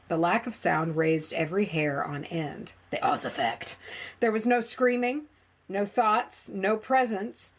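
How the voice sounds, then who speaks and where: A woman's voice: medium pitch, husky. A woman co-hosting a podcast, reading a listener's eerie story aloud and then chatting and joking with her co-host. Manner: jokey, laughs often.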